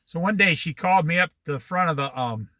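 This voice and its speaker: A man in his sixties teaches a Bible study in a lively, swooping voice that sits high for a man. His sound is very bright and cutting, and he breaks off into opinionated, digressive stories. The recording is dry, with almost no room sound. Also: fast talker, dry recording. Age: 60s. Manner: opinionated, digressive, animated storytelling.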